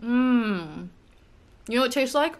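An American woman vlogging at home, chatting casually while unboxing and taste-testing treats, with gushing, excitable exclamations. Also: a little high, a little slow. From United States.

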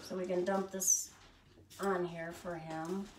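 A woman's voice: fairly low pitch, flat delivery, slow, recorded from a distance. A woman hosting a casual cooking livestream from her home kitchen, chatting straight to her viewers as she cooks. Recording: noisy home recording with clicks.

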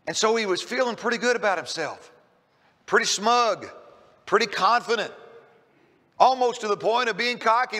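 A man's voice: high-pitched, moderate pace, pauses often, bright, forceful tone, in a large hall. A man preaching a sermon in church, emphatic and often repeating his first words as he starts a sentence. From Kentucky. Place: church sanctuary.

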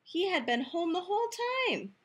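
In a youth room, a woman playfully reads a picture book aloud, voicing the story in first person as the wolf. Her pitch is extremely high and her delivery very animated, at a normal speed.

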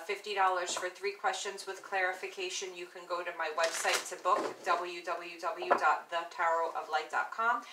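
A chatty woman reads tarot cards to camera and talks to her viewers with plenty of fillers. She murmurs repeated invocations in a home room that sounds roomy and echoey. A clear hiss of noise runs underneath. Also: on the low side. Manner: chatty, with many "um" and "guys". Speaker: tarot reader. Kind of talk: casual tarot reading to camera.

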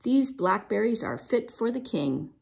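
A woman's voice: a little high, big pitch swings, unhurried, creaky, darkish tone, exaggerated voice. A woman reading as a kindly old grandfather. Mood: fond.

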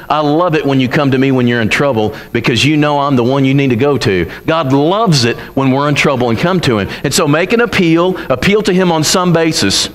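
A man with a fairly high voice preaches a sermon. He talks to the congregation in a plain, earnest, conversational way. When he voices the psalmist's bold complaints to God, he speaks them directly. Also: long reverb tail.

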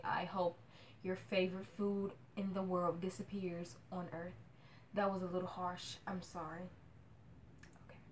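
A woman's voice: mid-range voice, a little hiss or hum. Dramatic, slangy young woman vlogging. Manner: dramatic, slangy, swings from hushed to shrieking. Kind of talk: casual vlog rant.

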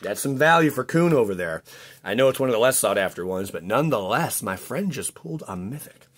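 A man's voice: mid-range voice, expressive, a little fast. A man hosting his channel, chatting casually and rambling with frequent restarts as he opens card packs, his voice cracking. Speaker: card-opening channel host. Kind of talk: casual commentary while opening packs.

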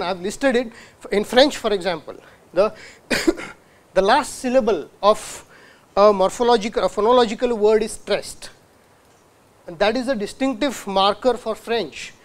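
A man's voice: sits high, moderate pace. Male lecturer asking rhetorical questions. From India. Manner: asks the audience rhetorical questions, demonstrates sounds. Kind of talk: university lecture.

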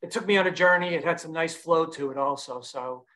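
A man's voice: on the high side, brisk, sharp tone. A man interviewing musicians, asking questions in a friendly, appreciative way.

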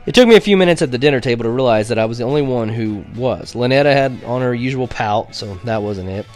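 A man's voice: medium pitch, animated, fast, darkish tone, faint music behind. A man reading a first-person audiobook in a wry, conversational storytelling way. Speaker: audiobook narrator.

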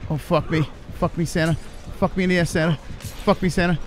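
A man giving live commentary on his own gameplay, swearing and reacting in excitable panic. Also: a little high, fast, faint music behind. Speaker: streamer.

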